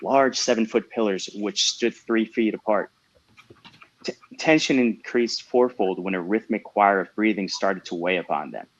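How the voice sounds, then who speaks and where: A man who hosts a panel, reading a passage of his own novel aloud in a steady storytelling manner. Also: on the low side, normal speed. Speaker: host and author. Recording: dull lo-fi mic, dry.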